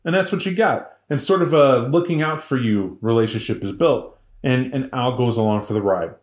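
A podcast co-host tells a story in a casual, lively way, cracking jokes along the way. His voice sits mid-range. The room adds a noticeable echo. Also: medium pitch, normal speed. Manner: animated, joking, full of voices.

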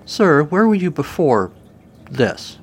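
A man's voice: on the high side, very animated, slow, a little hiss or hum, voice pushed up. A man voicing a tall, pompous woman official who speaks grandly. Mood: grandiose.

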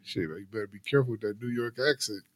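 A man's voice: fairly low pitch, very fast, no echo. A man in casual chat, teasing his friend and laughing often.

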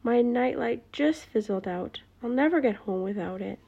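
A woman voicing a grateful little fox in a storybook, soft and hushed. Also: a little high, animated, normal speed, vocal fry, slightly rough, dull audio, heavily acted.

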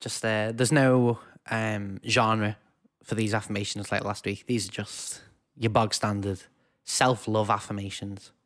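A man's voice: fairly low pitch, little pitch movement, measured pace, hardly any pauses. A man co-hosting a casual podcast, jokey, chatty and self-mocking. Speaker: podcast co-host.

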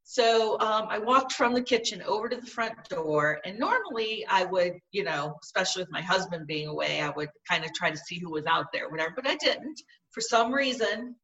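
A middle-aged woman recounts a personal experience in an earnest, halting way, circling back and restarting her phrases. Her tone is bright and sharp. She sits a little away from the microphone. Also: medium pitch, recorded from a distance, lo-fi sound. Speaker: guest. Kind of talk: personal storytelling in conversation.

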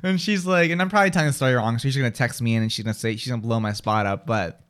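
A young man chatting on a morning radio show in a mid-range voice. He tells his stories with plenty of animation and switches into high voices to act out other people. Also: racing, smooth. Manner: animated storyteller acting out voices. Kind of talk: casual radio chat.

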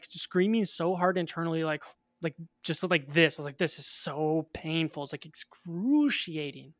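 A young man in his twenties, a guest in an interview, telling a personal story in a casual, animated way. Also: high-pitched, no room sound, clean studio sound.

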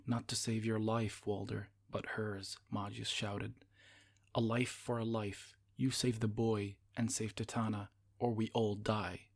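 A man's voice: lowish voice, little pitch movement, unhurried, slightly rough. A man voicing a desperate, once-mighty male sorcerer, speaking urgently and pleadingly. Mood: shouting. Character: desperate fallen male sorcerer, proud but broken.

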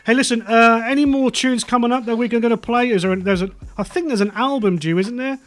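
A man's voice: extremely high pitch, fast. A British man hosting a radio show, chatting with a guest in a friendly, jokey way. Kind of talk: casual on-air chat.

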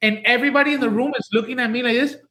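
A man, a paranormal investigator from Florida, telling stories casually in an animated way and swearing freely. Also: very high voice, rapid-fire. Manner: animated, swears a lot, acts out voices in stories. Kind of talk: casual storytelling. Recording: echoey room.

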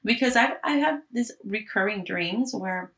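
A woman with a bright, forceful voice recaps a story in casual chat, talking it through at an animated clip. She swears freely as she goes. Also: medium pitch, measured pace.

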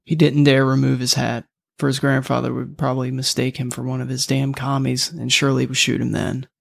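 Male audiobook narrator, mid pitch, gravelly, loose and profane. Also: flat delivery, brisk. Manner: casual, profane storytelling.

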